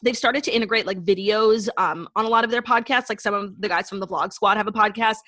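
A woman's voice: mid-range voice, fast, pushed and bright, dry recording. A young woman co-hosting a podcast in casual chat, opinionated and blunt, swearing offhand. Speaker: podcast co-host.

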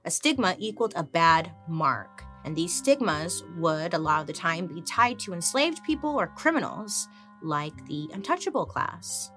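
A woman's voice: fairly low pitch, very animated, normal speed, a bit bright, soft background music. A woman in her thirties hosting a history podcast, chatty and irreverent, swearing casually as she tells the stories. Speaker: podcast host.

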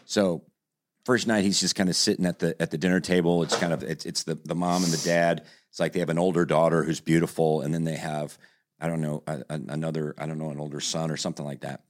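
A man's voice: a bass voice, fast. A man hosting a podcast, telling a story in casual chat and acting out the quotes with energy. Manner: animated storyteller who acts out quotes. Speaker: podcast host.

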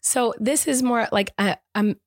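A woman's voice: a little high, a little slow, dry recording, clean studio sound. A woman co-hosting a podcast, telling rambling stories in casual chat. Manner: chatty, storytelling, rambling asides. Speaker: podcast co-host.

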